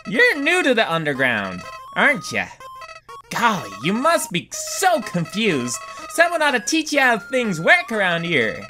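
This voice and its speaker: A man's voice: high voice, huge pitch swings, unhurried, bright, forceful tone, soft background music, pitched above the performer's own voice, full character voice. A man voicing a chipper, two-faced little male flower in a video game, with a folksy drawl that slides toward a Southern twang. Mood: chirpy. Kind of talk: let's-play character voice.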